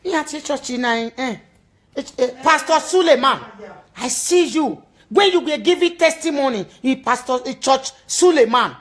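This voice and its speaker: A woman's voice: high voice, expressive, moderate pace. A woman with a Nigerian accent making an emotional, pleading appeal, repeating her entreaties and now and then slipping into a sung chant.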